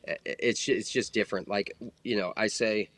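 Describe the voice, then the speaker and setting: Deep-voiced man in his forties, earnest. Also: steady tone, normal speed, a bit bright, no echo. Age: 40s. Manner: earnest, explanatory, many fillers. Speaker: guest, former federal agent. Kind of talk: casual podcast conversation.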